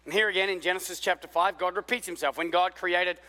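A man's voice: high voice, steady tone, quick pace, bright, forceful tone. A male pastor preaching a sermon in a conversational way, repeating words for emphasis and asking the congregation questions. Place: church hall. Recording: long hall reverb.

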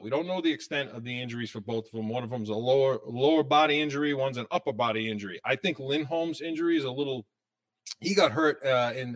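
A man hosting a sports talk show, talking casually in an animated, excitable way. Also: medium pitch.

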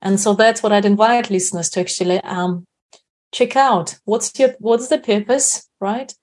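Talking about inner confidence as an interview guest, she reflects on her ideas and keeps adding tags such as "right?". She speaks at normal speed in a medium, slightly mellow voice.

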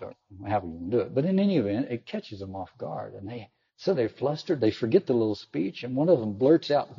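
Man, preacher type, husky and gravelly, does voices for quotes; muffled lo-fi audio. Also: animated, brisk. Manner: acts out quoted lines with sudden high pitch. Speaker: Catholic teacher or preacher. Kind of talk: reflective sermon-style talk. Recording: dull lo-fi recording.

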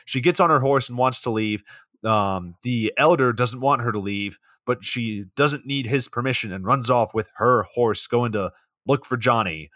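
A man's voice: medium pitch, moderate pace, fairly bright tone, no room sound, studio quality. Sarcastic man recapping a movie. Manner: swearing, sarcastic, rambling. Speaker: podcast co-host. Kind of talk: casual comedic movie recap.

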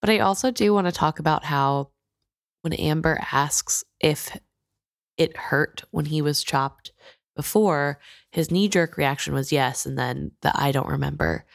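A woman's voice: low voice, measured pace, creaky, dry recording, studio quality. A woman co-hosting a podcast, reflecting on a book chapter and asking questions. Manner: reflective, inquisitive. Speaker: podcast co-host. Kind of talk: casual chat about a book.

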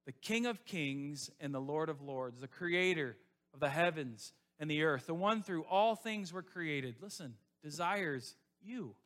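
A pastor delivers a sermon to his congregation in a fairly high male voice. He repeats key phrases for emphasis. His delivery swings between loud, rising appeals and soft, hushed passages. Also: expressive, unhurried.

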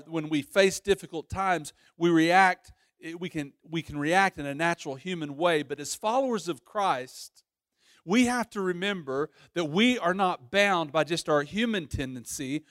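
A pastor preaching a sermon, telling a story with lively voices and frequent restarts. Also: male voice, a little high, dry recording, studio quality.

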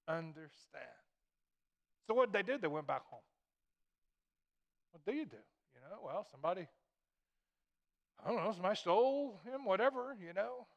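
High-voiced emphatic preacher man. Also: a bit bright. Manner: emphatic, repeats key phrases. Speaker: pastor. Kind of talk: sermon.

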